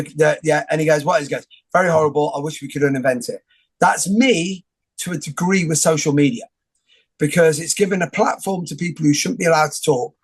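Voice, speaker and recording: A man hosting a casual interview speaks with a fairly high, breathy-edged voice. He rambles and jokes, restarting often and quoting films, in casual conversation.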